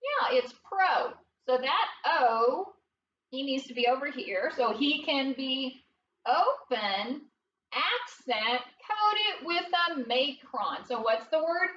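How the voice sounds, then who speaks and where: Casting note: woman, early-grades phonics teacher, patient sing-song delivery, bright tone, recorded a bit off-mic in a roomy space with a dull sound. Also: high-pitched, expressive, slow pace, distant mic, a little hiss or hum. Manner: patient, sing-song teacher voice, asks questions and answers them. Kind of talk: classroom phonics lesson.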